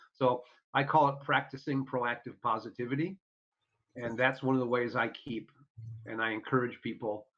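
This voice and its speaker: A male podcast guest with a mid-range, somewhat bright voice tells casual stories during an interview, recorded in dull lo-fi sound. Earnest and upbeat, he impersonates the people whose words he repeats.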